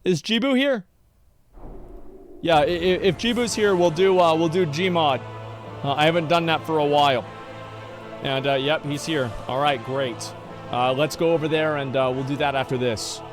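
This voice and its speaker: A man's voice: a little high, moderate pace, music in the background. Profane, exasperated male streamer. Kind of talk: casual livestream commentary answering chat.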